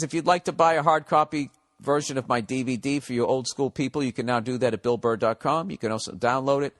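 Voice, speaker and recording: A man hosting his own podcast, talking in a casual, rambling monologue that is blunt, joking and full of swearing. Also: mid-range voice. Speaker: podcast host.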